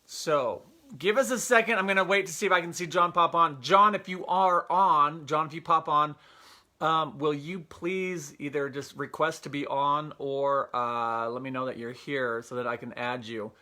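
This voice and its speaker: A man's voice: fairly high pitch, fairly even intonation, normal speed, sharp tone. A young man hosting a casual livestream through a Bluetooth earpiece, upbeat and chatty, greeting viewers by name with plenty of fillers. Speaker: livestream host.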